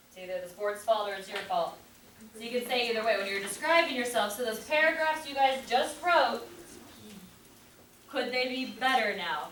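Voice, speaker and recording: A woman teaching a class, upbeat and asking quick questions. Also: mid-range voice, a bit bright, a little hiss or hum. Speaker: Spanish teacher. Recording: echoey classroom from a distance.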